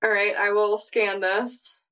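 A woman at a tabletop game table talks in a chatty, casual way, quick to respond to what the group says. Her voice sits at an ordinary middle pitch. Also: little pitch movement, bright, forceful tone, smooth, poor audio. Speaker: player.

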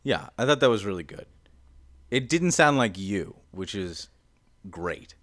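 In a casual podcast chat, a young cohost rambles through an explanation full of "like" and "um." His voice is lowish, sitting around the middle range, expressive, a little slow, and a bit bright. The recording is dry and close, with no room sound.

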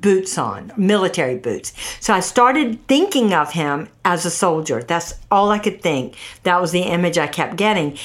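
A middle-aged woman from North Carolina with a Southern accent, casually telling a ghost story in animated fashion, acting out the dialogue. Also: lowish voice. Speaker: guest storyteller.

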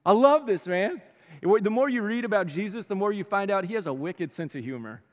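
High-voiced preacher man in a reverberant hall. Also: brisk. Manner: animated storytelling, acting out quotes with sighs. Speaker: pastor. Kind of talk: sermon. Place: church auditorium. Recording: long reverb of a large hall.

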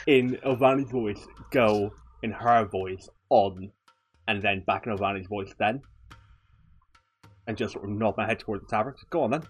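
A man's voice: fairly low pitch, steady tone, moderate pace, long pauses, breathy edge, faint music behind. A man playing in a tabletop game, casually describing what his character does. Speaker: player.

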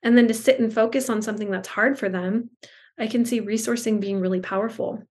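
A woman's voice: a little high, fairly even intonation, fairly quick, darkish tone. A woman, a speech-language pathologist, telling stories in casual conversation, chatty with fillers and restarts, over a video call. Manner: chatty, many fillers and restarts, acts out quotes.

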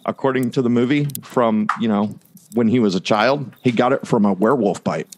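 A man's voice: mid-range voice, brisk, slight background noise. Laid-back man telling a story. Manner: storytelling, acts out quoted lines. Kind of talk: casual chat.

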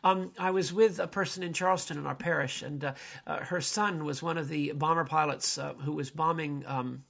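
A man, a priest, lecturing on a play in a halting, digressive way, with many fillers and restarts. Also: on the high side, fairly even intonation, creaky, fairly bright tone.

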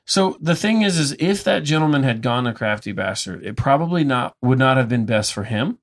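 A man's voice: mid-range voice, expressive, brisk. A man who owns a brewery tour business, telling stories with enthusiasm in a casual conversation and acting out the dialogue. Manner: enthusiastic storyteller, acts out dialogue.

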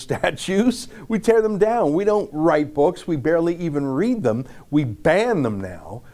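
A middle-aged man giving opinion commentary, reading an essay aloud slowly and emphatically. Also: mid-range voice, mellow. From Canada. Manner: emphatic, slow deliberate reading. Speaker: political commentator.

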